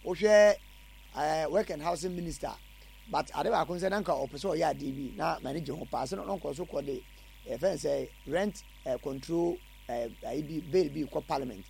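A Ghanaian man with a high, gravelly voice talks fast and animatedly, slipping English words into his answers. A faint hiss of noise sits under the recording. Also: a little mellow. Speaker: interviewee. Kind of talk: casual street interview.

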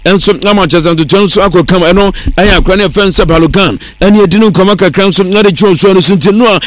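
A man reading sports news on the radio in a steady newsreader delivery, mixing English words into his talk. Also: high voice, fast talker, dry recording. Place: radio studio.

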